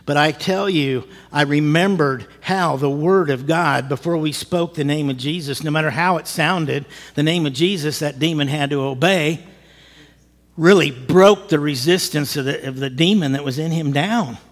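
A male pastor telling a story in a sermon, lively and animated, acting out what people said and chuckling as he goes. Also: a little high, normal speed, long reverb tail. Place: church.

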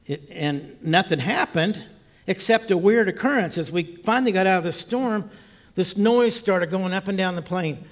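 A man preaching, telling a personal story in a lively, animated way with loud bursts and quiet asides. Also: high voice, moderate pace. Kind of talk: storytelling sermon.

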